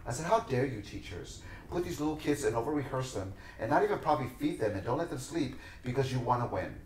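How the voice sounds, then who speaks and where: A man with an expressive, medium-pitched, slightly mellow voice talks at a quick pace in a reverberant, rough recording. As a podcast guest, the dancer and teacher tells stories with passion, impersonating the people in them during animated conversation.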